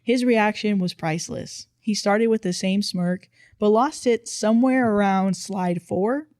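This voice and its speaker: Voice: medium pitch, measured pace, darkish tone, no room sound. A narrator reading online posts aloud in casual storytime style, with dry, playful emphasis.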